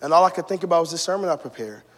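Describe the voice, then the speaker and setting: High-voiced fervent preacher in a reverberant hall. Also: male voice, lively intonation, very fast. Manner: swings between shouted fervent climaxes and hushed personal storytelling. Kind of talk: sermon. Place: church sanctuary.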